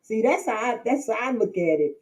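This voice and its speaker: A woman's voice: a little high, lively intonation, fairly quick, darkish tone, rough recording. A woman hosting a casual livestream from home, talking straight to her chat, laughing often and repeating herself. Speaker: livestream host.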